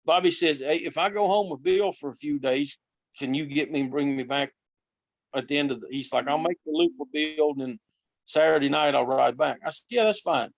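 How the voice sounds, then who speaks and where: A man's voice: on the high side, no echo. Man with a drawl spinning yarns. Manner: lively, acts out quoted voices. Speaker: podcast guest telling road stories. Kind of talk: casual storytelling.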